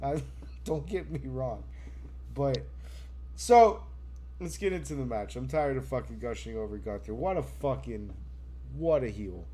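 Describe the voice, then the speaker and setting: A man on a casual wrestling podcast, excitable and profane, laughing often. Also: medium pitch, unhurried, long pauses, husky. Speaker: podcast co-host.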